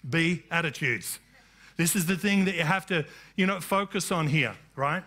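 Male pastor, high and bright, preaches with emphatic rising declarations. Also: normal speed. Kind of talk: sermon.

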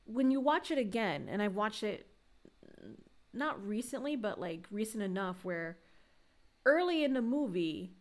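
Woman calmly explaining in casual chat. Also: mid-range voice, unhurried, long pauses. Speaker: podcast co-host. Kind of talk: casual film discussion.

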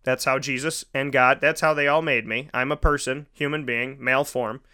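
A man's voice: medium pitch, moderate pace, clear, resonant tone. A man hosting his own show, telling a story in a casual monologue and acting out the people he quotes. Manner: animated storytelling, acts out quoted voices. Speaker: radio show host. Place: studio.

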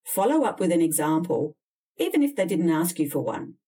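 A woman's voice: deep voice, sing-song, brisk, dark tone, husky, recorded from a distance. A woman coaching people on job interviews, giving direct, emphatic, candid advice in an instructional talk. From Australia.

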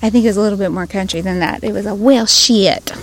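A woman's voice: mid-range voice, steady tone, rapid-fire, dark tone. A woman hosting a casual podcast outdoors by a lake, giggly and chatty, narrating what goes on around her. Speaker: podcast host. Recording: noisy outdoor recording with passing vehicles.

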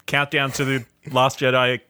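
A man's voice: medium pitch, completely flat delivery, moderate pace, sharp tone, clear, resonant tone. A man co-hosting a podcast in casual chat, joking and laid-back. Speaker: podcast co-host.

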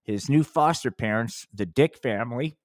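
A man's voice: mid-range voice, normal speed, dry recording. Guy rambling on his live podcast, cussing a lot, cuts himself off, dry close mic. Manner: rambling, profane, self-interrupting. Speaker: podcast host.

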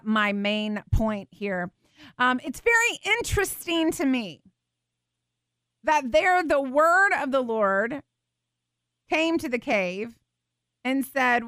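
A woman's voice: fairly high pitch, lively intonation, slow, a bit bright, clean tone, no echo, clean studio sound. A woman hosting a faith show, teaching earnestly and tenderly and reading scripture aloud with expression. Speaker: show host teaching the Bible.

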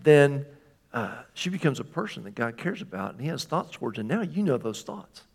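A male pastor delivering a sermon in a relaxed, conversational way. He keeps asking the congregation questions and checking that they follow, with a mid-range voice. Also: mid-range voice, normal speed, gravelly, breathy edge.

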